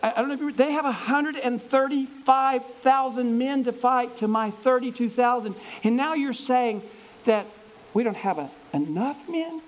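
A man acting out an excitable young army leader, pitched well up and pushed loud. He pleads and rallies with urgent energy in a retold Bible story. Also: normal speed, poor audio. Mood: bewildered. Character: eager, anxious male army leader Gideon.

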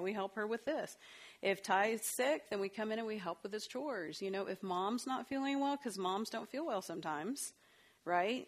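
A middle-aged woman leading a parenting workshop for a group, talking casually and animatedly with frequent laughter. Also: medium pitch. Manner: conversational, animated, laughs often.

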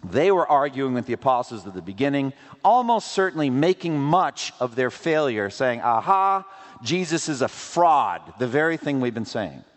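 A man delivers a sermon with plenty of rhetorical questions and playful asides. His pitch rises and falls in lively swings. The sound rings with a long reverb from a large hall. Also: normal speed, hardly any pauses. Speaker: pastor.

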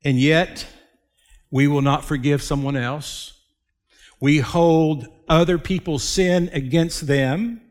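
A man preaching a sermon as a pastor, slow and emphatic, with dramatic pauses. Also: a little high. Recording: long hall reverb.

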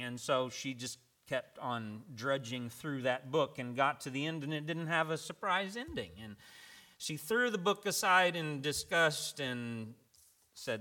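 A man's voice: mid-range voice, lively intonation, unhurried, bright, forceful tone. A man preaching a conversational sermon, telling a folksy story to make his point.

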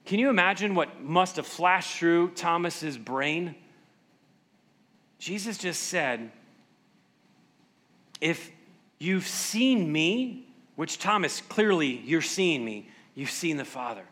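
High-voiced pastor preaching with dramatic flair. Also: male voice, moderate pace. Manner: dramatizes scripture quotes in animated voices; asks rhetorical questions to the congregation. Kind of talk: sermon.

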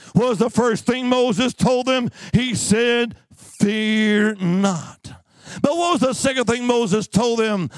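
A man preaching a sermon with slow, emphatic delivery and call-and-response to the congregation, now and then breaking into snatches of song. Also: very high voice, no echo.

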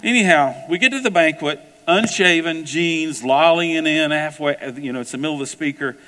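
A man preaching a sermon, telling a personal story in a conversational, animated way. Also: a little high, moderate pace, long reverb tail. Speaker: pastor.

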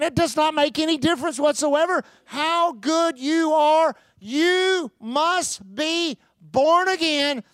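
A man's voice: extremely high pitch, a bit bright, no echo. Emphatic preacher man, dry sound. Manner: preaching with emphatic rises and repetition, calls to the congregation. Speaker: pastor. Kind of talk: sermon.

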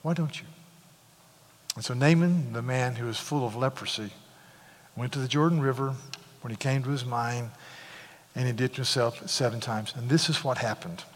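A man preaching a sermon in a church, retelling a scripture story in an animated way with casual asides. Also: medium pitch, moderate pace. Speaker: pastor. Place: church sanctuary. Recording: long hall reverb.

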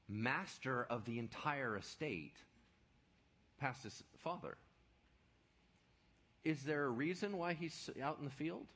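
A male preacher drives a sermon with rhetorical questions, his voice bright and sharp with a husky edge. His pitch leaps all over and sits fairly high.

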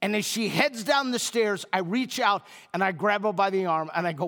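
A man's voice: high voice, normal speed, hardly any pauses, a bit bright, long reverb tail. A man preaching a sermon, telling a personal story with emphatic repetition to a congregation. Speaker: pastor.

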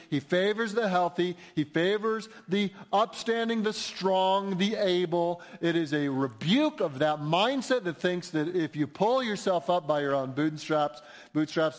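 A man preaching an expository sermon, emphatic and building intensity at key points. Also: high voice. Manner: emphatic, rising to near-shouts when quoting cries. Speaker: pastor.

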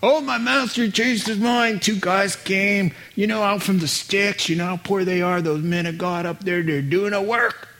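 A preacher voicing a greedy male servant who lies smoothly, in a put-on Southern accent with a folksy, sly drawl. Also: high-pitched, fairly even intonation, moderate pace, hardly any pauses, a bit bright, pitched above the performer's own voice.

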